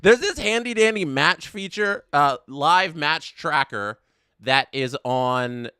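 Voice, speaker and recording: A man's voice: on the high side, slow pace, clean tone, no room sound, clean studio sound. A young man hosting a casual live watch-along, calling the match and chatting with his viewers. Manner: chatty, reads chat aloud, excited bursts on big plays. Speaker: livestream host doing live match commentary.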